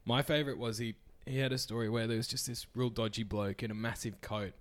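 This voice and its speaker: A man's voice: mid-range voice, steady tone, fast. An Australian man co-hosting a podcast, telling stories in casual chat, laughing often and swearing freely. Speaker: podcast co-host.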